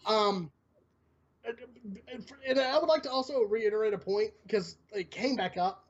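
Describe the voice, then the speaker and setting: A man's voice: high voice, a little slow. A man hosting a casual streamed talk show, ranting with lots of swearing. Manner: profane, ranting, animated. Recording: dull lo-fi stream audio.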